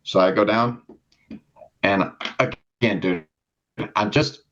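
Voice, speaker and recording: On a podcast, a young male co-host with a fairly low, slightly bright voice tells a rambling story at a slow pace. He swears often and acts out the people involved, and the recording sounds dull and lo-fi.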